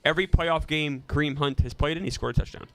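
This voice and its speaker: A man's voice: on the high side, fast talker, creaky, fairly bright tone, no room sound. A man co-hosting a sports betting show, firing off his points in a casual panel chat.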